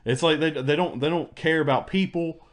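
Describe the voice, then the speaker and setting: A man's voice: a little high, a little fast. A man co-hosting a podcast in casual chat, chiming in and griping about customer service. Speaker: podcast co-host.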